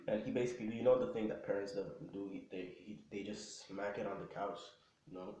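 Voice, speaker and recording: A man's voice: fairly low pitch, fairly even intonation, quick pace, darkish tone, a little hiss or hum. A young man telling a fan story in a loose, rambling way, full of slang and fillers. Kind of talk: casual fan-fiction storytelling. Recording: echoey room.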